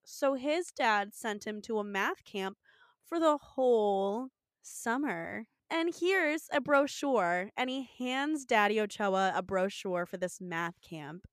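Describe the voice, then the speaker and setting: A woman's voice: mid-range voice, takes it slowly, no room sound, clean studio sound. A young woman co-hosting a podcast, casually recapping a TV episode, laughing often and acting out the characters' lines. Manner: animated, laughs often, acts out quotes. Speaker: podcast co-host.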